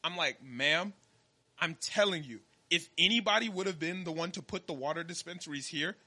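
A man's voice: on the high side, normal speed, sharp tone. A young man, a podcast co-host, telling a story in casual chat and acting out the dialogue with animation.

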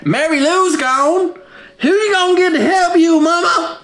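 A shrill, bossy middle-aged daughter at the end of her patience, as a man puts her on. The voice sits high and tight and scolds hard. An echoey room rings behind it. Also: a little slow, a bit bright. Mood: pleading.

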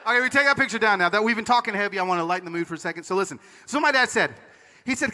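A man giving a conference talk, telling stories in an animated, comic way. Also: high-pitched, racing. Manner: animated, comic, acts out voices. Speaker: conference speaker. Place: conference stage. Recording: large hall reverb.

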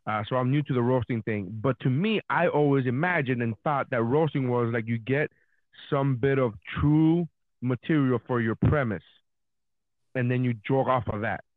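A man's voice: medium pitch, normal speed, dry recording, narrow, tinny audio. A man, a comedian, chatting casually on a podcast and telling stories animatedly, acting out his own reactions.

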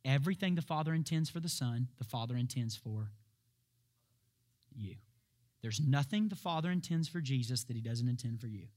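Preaching with emphasis, this man fires off rhetorical questions, laughs now and then, and climbs toward shouted climaxes. He has a medium-pitched, animated voice at normal speed.

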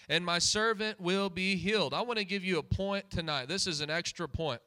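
The preacher's high-pitched voice sounds bright and forceful at a moderate pace. He drives each point with repetition of key phrases and questions aimed at his listeners.

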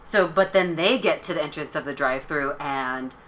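A woman's voice: deep voice, moderate pace, a bit bright, a little hiss or hum. A young woman co-hosting a podcast, telling a story in a chatty way full of "like". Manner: chatty, filler-heavy storytelling with lots of "like". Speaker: podcast co-host. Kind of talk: casual storytelling chat.

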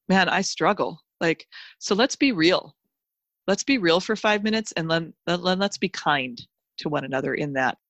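A woman's voice: lowish voice, fairly bright tone, no echo. A woman guest on a podcast giving a fired-up motivational pep talk, emphatic and full of repeated phrases. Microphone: close podcast mic.

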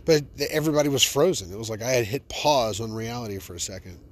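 A man hosting a podcast, telling funny personal stories in an animated, joking, self-amused way. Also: medium pitch, quick pace, a little hiss or hum. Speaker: podcast host. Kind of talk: comic personal storytelling.

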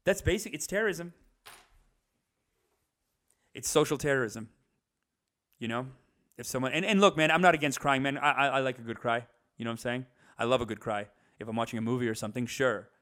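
A man's voice: mid-range voice, lively intonation, a little fast, long pauses, a bit bright. A man ranting in a comedic style, casual and profane, who repeats himself and slips into mocking voices. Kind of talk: comedic rant.

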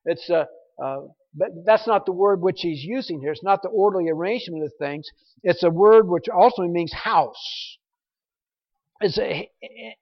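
High-voiced preacher in a reverberant hall. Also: male voice. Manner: emphatic, repeats words when stressing a point. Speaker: pastor. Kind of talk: expository sermon. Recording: muffled recording in a reverberant hall.

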